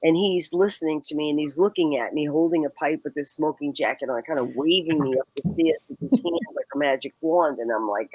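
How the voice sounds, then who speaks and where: A woman's voice: low-pitched, animated, moderate pace, no echo, rough recording. A woman in her sixties with a Boston accent, a guest telling stories in a casual chat and laughing often between phrases. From Boston, USA. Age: 60s.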